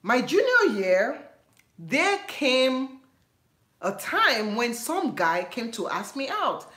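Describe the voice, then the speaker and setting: A woman with a Nigerian accent telling a story on her vlog in an animated, laughing way. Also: sits high, slow pace. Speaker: vlogger. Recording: echoey room.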